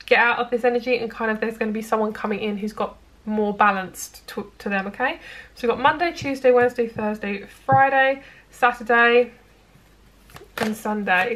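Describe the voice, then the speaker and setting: A woman's voice: on the high side, a bit bright. A woman giving a casual, reassuring tarot reading straight to her viewers. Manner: chatty, reassuring, addresses viewers directly. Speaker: tarot reader.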